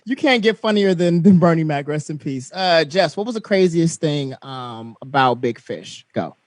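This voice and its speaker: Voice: mid-range voice, animated, moderate pace, no echo, clean studio sound. A flustered host running a livestream show, joking and self-mocking between segments.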